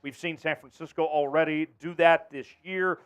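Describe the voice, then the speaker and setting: A man hosting a casual sports talk stream, his voice high and smooth. He keeps things upbeat and chatty as he reads out viewer messages. Soft music sits faintly behind him. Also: steady tone, moderate pace. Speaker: show host.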